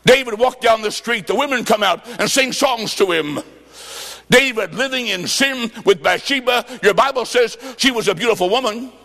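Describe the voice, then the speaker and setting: High, gravelly-voiced preacher. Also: male voice, animated, normal speed. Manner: emphatic and folksy, with sudden shouted bursts and dry humor. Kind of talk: sermon.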